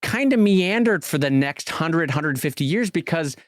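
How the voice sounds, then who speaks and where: A man with a fairly high, very lively voice co-hosts a podcast in relaxed conversation. He is an animated storyteller who acts out the people he quotes. The recording is close and dry, with no room sound. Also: moderate pace, dry recording. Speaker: podcast co-host. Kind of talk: casual podcast chat.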